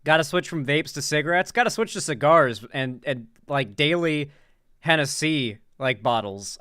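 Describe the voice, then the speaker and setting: A woman's voice: sits low, fairly bright tone, no echo, studio quality. A woman hosting a casual livestream, joking, rambling and swearing freely as she talks to her chat. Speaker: streamer host.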